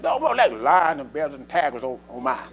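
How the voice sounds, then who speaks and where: A man's voice: a little high, sing-song, a little fast, fairly bright tone, dull audio. A man, preaching to a church congregation in a folksy, repetitive, exhorting way. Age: 70s. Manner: folksy, repetitive, exhorting with 'see' and 'you know'. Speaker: church speaker.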